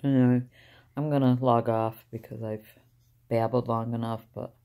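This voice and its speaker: An older woman talking casually to her viewers from inside a car, soft-spoken and halting, trailing off with sighs. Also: extremely low pitch, little pitch movement, narrow, tinny audio. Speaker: vlogger. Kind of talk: rambling casual talk to camera.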